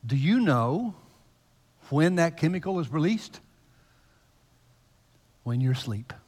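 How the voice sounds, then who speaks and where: A man's voice: on the high side, very animated, slow pace. Male pastor preaching in a reverberant hall. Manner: conversational, teasing, swings from loud to hushed. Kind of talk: sermon. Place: church sanctuary. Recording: long reverb of a large hall.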